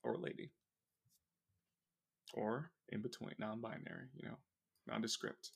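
A man's voice: lowish voice, steady tone, unhurried, gravelly, husky. A man co-hosting a comic podcast, playful and rambling, often breaking into laughs. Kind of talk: casual podcast banter.

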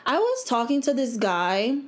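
A woman's voice: a little high, wildly swooping pitch, measured pace. Chatty blunt young woman podcaster. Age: 20s. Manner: blunt, chatty, laughs often. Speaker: podcast host. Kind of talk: casual solo podcast talk.

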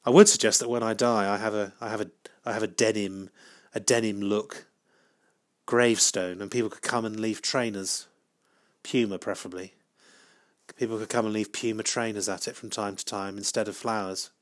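Deadpan man rambling solo. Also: lowish voice, moderate pace. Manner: deadpan, self-mocking, hesitant with many restarts. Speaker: podcast host. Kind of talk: rambling solo comic monologue.

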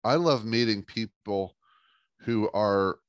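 Low-voiced man telling a lively story. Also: takes it slowly, dry recording. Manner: lively storyteller who acts out dialogue. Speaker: business coach and speaker, guest. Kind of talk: storytelling in an interview.

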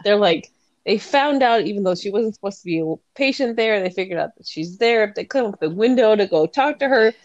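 A woman's voice: medium pitch, animated, a little fast, no echo, muffled recording. A woman co-hosting a podcast, chatting casually and retelling a story with lots of giggling. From Scandinavian heritage. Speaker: podcast co-host. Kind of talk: casual chat.

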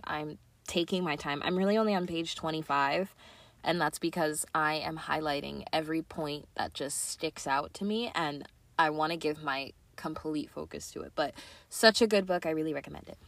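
A woman's voice: low-pitched, a bit bright, no room sound. A young woman hosting a podcast, talking earnestly and casually with lots of "like" and "right?". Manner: earnest, chatty, many "like" and "right?" fillers. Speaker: podcast host. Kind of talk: casual confessional chat.

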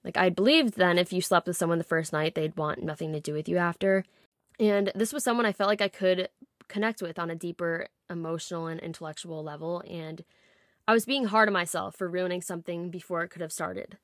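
Candid young woman podcaster, low-pitched, dry. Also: brisk, dry recording. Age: 20s. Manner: candid, confessional, laughs lightly mid-sentence. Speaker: podcast host. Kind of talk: personal storytelling monologue.

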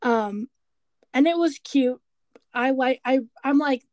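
A woman co-hosting a podcast, chatting casually and retelling scenes with animated quoted voices. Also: high-pitched, slow pace, dry recording. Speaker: podcast co-host. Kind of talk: casual chat recapping a TV show.

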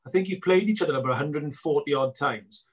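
Fast-talking man, husky voice. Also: on the high side. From Wales. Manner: animated storyteller acting out both sides of conversations. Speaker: guest filmmaker. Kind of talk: casual interview chat.

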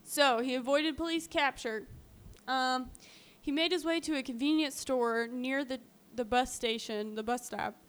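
A woman's voice: high voice, fairly even intonation, a little slow, few pauses, fairly bright tone, clear, resonant tone. A woman co-hosting a podcast, casually retelling a true-crime story with lots of fillers. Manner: chatty, lots of "um" and "like", acts out quotes. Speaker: podcast co-host.

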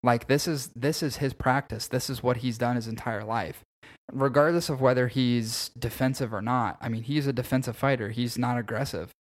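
A man co-hosting a casual podcast, talking about fights in an animated, opinionated way and swearing freely. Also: mid-range voice, moderate pace. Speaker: podcast co-host.

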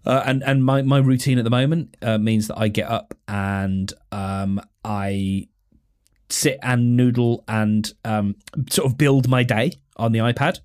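Male podcast host, mid pitch, loose self-deprecating chat. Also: fairly even intonation, unhurried, darkish tone. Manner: rambling, self-deprecating, restarts and fillers. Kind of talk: casual solo podcast chat.

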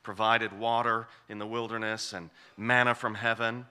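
Male preacher, bright forceful tone, emphatic, repeats his points, expository sermon. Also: on the low side, level tone, normal speed, clear, resonant tone. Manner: emphatic, repeats key phrases for weight.

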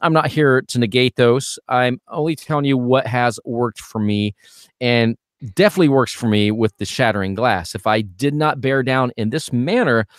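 A man teaching singing technique as a vocal coach, animated and demonstrating sounds as he explains. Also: medium pitch, no room sound, studio quality. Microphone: studio microphone.

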